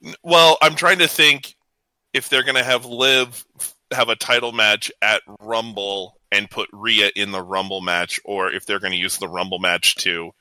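A man's voice: fairly low pitch, little pitch movement, normal speed, sharp tone, no echo, poor audio. A man co-hosting a casual podcast, talking in long rambling runs with many restarts. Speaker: podcast co-host. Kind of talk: casual wrestling podcast chat.

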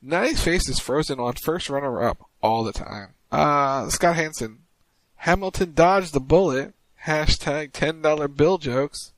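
A man with a fairly high voice co-hosts a laid-back wrestling podcast. He reads jokes and tweets in a wry, deadpan way. His voice is recorded close and dry, with no room sound. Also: a little slow, no room sound. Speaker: podcast co-host. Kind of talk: casual chat reading tweets aloud.

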